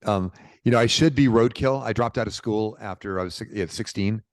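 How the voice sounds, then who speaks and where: A middle-aged man from Portland, Oregon, telling stories as a podcast guest in a lively, informal way. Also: lowish voice, brisk, no room sound. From Portland, Oregon, USA. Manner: animated, informal, peppered with "dude" and "bro". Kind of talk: casual conversational storytelling.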